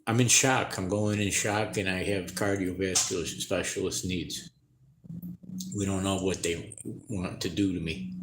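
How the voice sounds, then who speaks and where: A tired man talking to camera in a halting, rambling, distressed way, with many restarts. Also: sits low, noisy background. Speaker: vlogger. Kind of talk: unscripted personal vlog to camera. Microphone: camera mic. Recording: roomy echoey room.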